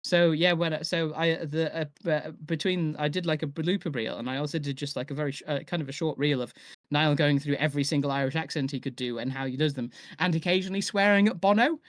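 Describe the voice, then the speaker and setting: A man's voice: a little high, quick pace, dry recording, clean studio sound. A man hosting a live-streamed chat about audio drama, rambling and enthusiastic with many restarts. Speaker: host and audio drama maker.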